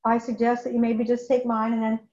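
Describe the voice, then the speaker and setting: A patient, gently coaxing sponsor, as a woman quotes her, in a slightly raised, softer voice. She offers hedging suggestions, heard through a dull, echoey room recording. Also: a little high, completely flat delivery, a little fast, natural voice.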